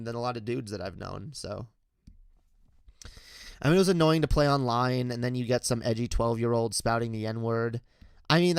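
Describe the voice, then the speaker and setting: A man's voice: mid-range voice, gravelly, clean tone, no echo, clean studio sound. A man hosting a livestream, chatting casually and reading chat, with rambling speech full of restarts. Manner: rambling, lots of fillers and restarts, laughs often.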